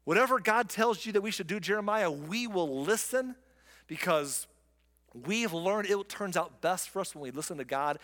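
Anxious ancient townsfolk acted by a preacher speak in casual modern slang, in a slightly high voice. The voice rings with the long reverb of a hall. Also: male voice, lively intonation, normal speed, a bit bright. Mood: eager.

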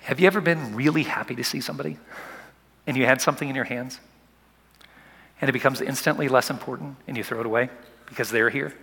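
A man preaching a sermon, swinging from soft whispers to loud, urgent calls. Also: mid-range voice, fast talker, creaky, long pauses, husky, big-room sound. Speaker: pastor.

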